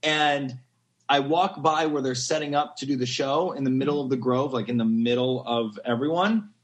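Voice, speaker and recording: A man on a podcast as a guest, telling an animated story in a rambling, excitable way and laughing often. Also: mid-range voice, moderate pace.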